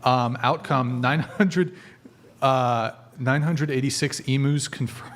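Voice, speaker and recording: A man's voice: medium pitch, slow, fairly bright tone. A man hosting a live podcast, chatting casually and swearing freely while giving orders to his crew. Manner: loose, profane, directs the crew. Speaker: podcast host. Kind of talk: casual live-stream banter.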